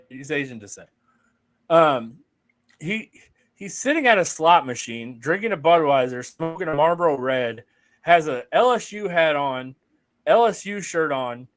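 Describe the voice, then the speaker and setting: A man's voice: fairly high pitch, a bit bright, no room sound. A man from the United States, co-hosting a podcast, telling crude stories in casual chat and laughing often. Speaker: podcast co-host.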